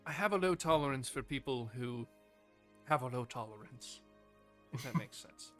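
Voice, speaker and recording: A man's voice: medium pitch, lively intonation, normal speed, a bit bright, faint music behind, close to an everyday voice. A man voicing a worn-out male noble leader who talks frankly and swears easily, in a tabletop role-play. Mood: weary, frank.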